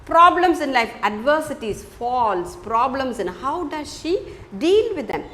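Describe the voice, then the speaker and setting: Female teacher, fairly high and lively voice, emphatic and repetitive lesson delivery. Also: unhurried. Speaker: English teacher. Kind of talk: classroom lesson explaining a poem.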